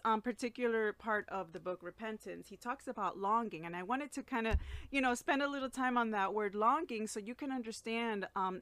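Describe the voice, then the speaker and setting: A woman's voice: mid-range voice, fairly bright tone, no echo. A woman giving a casual, earnest devotional talk as a Christian teacher, speaking personally with many fillers and restarts.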